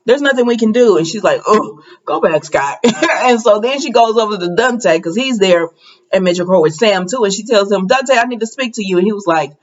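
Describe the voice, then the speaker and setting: A woman's voice: medium pitch, expressive, a little fast, lo-fi sound. A woman casually recapping a soap opera episode, chatting and acting out the characters' lines in a raised voice.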